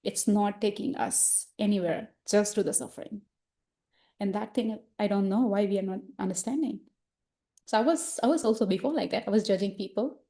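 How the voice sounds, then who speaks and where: Buddhist nun, female, mid-pitched and mellow; earnest, reflective discussion in non-native English, quoting her own thoughts aloud. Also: moderate pace. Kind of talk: informal dharma discussion.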